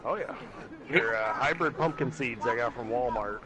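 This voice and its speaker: A man's voice: mid-range voice, moderate pace, crowd noise. Laid-back man who laughs easily. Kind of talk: casual chat while gaming.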